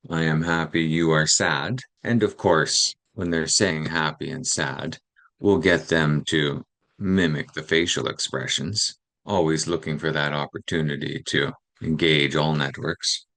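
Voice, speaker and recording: A man narrating instructional guidance for teaching, speaking in a calm, explanatory way. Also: very deep voice, measured pace, gravelly. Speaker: teacher trainer.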